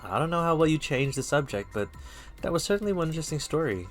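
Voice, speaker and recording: A man's voice: a little high, sing-song, quick pace, voice pushed up. A man reading the lines of a young woman bartender in his own plain, lightly wry voice. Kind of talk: reading game dialogue aloud. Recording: faint music behind.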